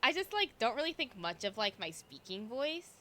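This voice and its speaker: A young woman streamer in casual chat, rambling with lots of fillers and a slight vocal fry. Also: fairly high pitch, very animated, moderate pace, pushed and bright, slight background noise. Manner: chatty, rambling with fillers and self-interruptions.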